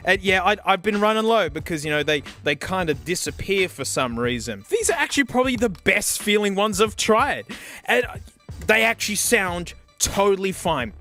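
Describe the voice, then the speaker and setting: A man from South Australia with an Australian accent, narrating a comedic thrift-store vlog in an excitable, joking way. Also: high-pitched. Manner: excitable, joking, peppered with "mate". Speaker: vlogger.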